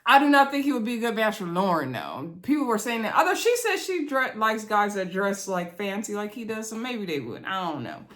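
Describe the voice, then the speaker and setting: A chatty woman recaps a reality show straight to her viewers. She talks casually and laughs easily, calling her audience y'all. Her voice sits at a middle pitch, neither high nor low. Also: very animated, brisk, few pauses, fairly bright tone.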